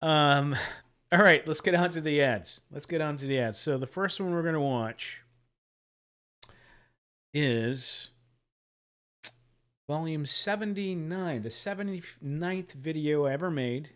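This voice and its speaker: A man's voice: on the high side, unhurried, long pauses, fairly bright tone. A man hosting a livestream and chatting casually as he reacts to videos. He rambles, chuckles and trips over his words. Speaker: livestream host.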